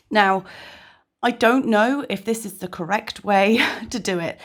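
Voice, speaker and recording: A woman with a croaky voice from a sore throat, chatting casually as she hosts a crafting tutorial. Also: medium pitch. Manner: chatty, self-deprecating. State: croaky voice from tonsillitis. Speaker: crafting channel host.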